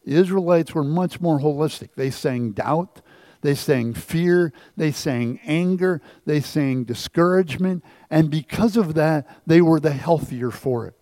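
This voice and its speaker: Impassioned male pastor, warm dry voice. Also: fairly high pitch, measured pace, no room sound. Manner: impassioned, swings from hushed to loud. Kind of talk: sermon. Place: church.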